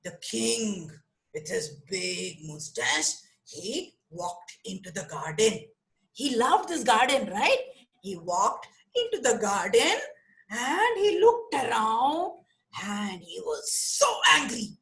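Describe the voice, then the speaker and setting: A woman with an Indian English accent telling a story to children on a video call, animated and asking them questions. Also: mid-range voice, slow pace, vocal fry.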